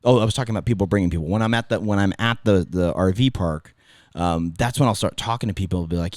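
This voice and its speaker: A man's voice: low-pitched, fast, a little mellow, no echo, clean studio sound. A middle-aged man with a Californian accent, a former radio host telling stories in a casual podcast chat, rambling and restarting his sentences. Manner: rambling, self-interrupting storyteller.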